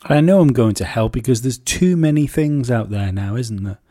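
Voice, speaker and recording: A man, co-hosting a podcast and telling rambling, sweary stories in casual chat, often jumping into high mocking voices to quote people. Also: moderate pace, dark tone, no room sound, studio quality. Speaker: podcast co-host.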